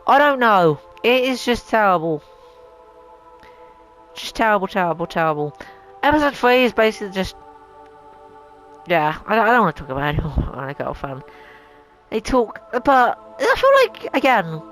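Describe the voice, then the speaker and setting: A woman's voice: mid-range voice, very animated, normal speed, long pauses, fairly bright tone, soft background music, rough recording. A woman hosting a casual opinion rant at home, rambling, swearing a lot and sounding exasperated. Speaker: channel host. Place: home room.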